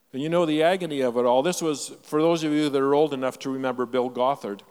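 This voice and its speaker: An older man from Canada preaching a sermon, telling a personal story with emphatic shifts between loud and soft delivery. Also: mid-range voice, steady tone, fast, few pauses, smooth, in a large hall. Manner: storytelling, emphatic, varies loudness widely. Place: church.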